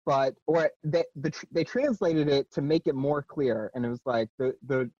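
Animated man, dull dry recording. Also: fairly high pitch, normal speed, dry recording. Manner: animated, laughs often, acts out quotes. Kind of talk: casual discussion.

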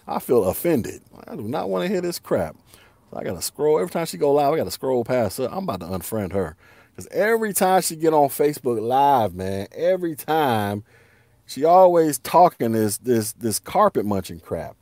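A man's voice: on the low side, very animated, moderate pace, a little mellow, no echo. A man hosting a podcast alone, ranting casually in heavy slang, laughing often and repeating himself. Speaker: podcast host. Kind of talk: casual solo podcast rant.

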